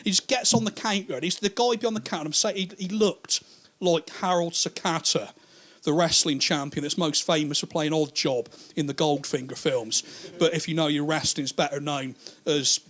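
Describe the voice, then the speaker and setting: A male stand-up comedian telling long anecdotes in an animated, rambling way, crude and quick to swear. His voice sits a little higher than most men's. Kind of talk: stand-up storytelling.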